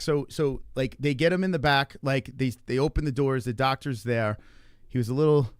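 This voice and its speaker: A man's voice: medium pitch, normal speed, smooth, no echo, clean studio sound. Profane man telling a story. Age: adult parent. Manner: animated, profane, acts out quotes. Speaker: livestream host. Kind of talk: casual storytelling. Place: Arizona.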